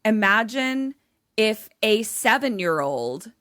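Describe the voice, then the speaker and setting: A woman with a bright, lively, high voice throws in expressive reactions and jokey asides. She speaks slowly and keeps the banter casual as a podcast co-host. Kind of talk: casual chat.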